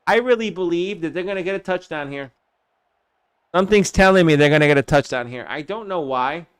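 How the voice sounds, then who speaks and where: A high-pitched man with a clean, smooth voice calls plays on a live football game stream. He jumps to excited calls on big plays and sinks to soft asides while reading chat, his level shifting as he moves off the mic. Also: brisk. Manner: bursts into excited play calls, then drops to quiet chat asides. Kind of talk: live play-by-play commentary on a football video game. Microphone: desk mic he drifts away from.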